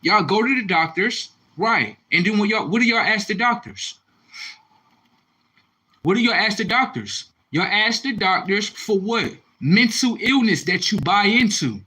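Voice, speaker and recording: Young guy ranting on his livestream, high voice, keeps repeating himself and snapping at chat. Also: lively intonation, a little slow, low-quality recording. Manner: confrontational, repetitive, loud outbursts. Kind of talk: ranting live stream reacting to comments.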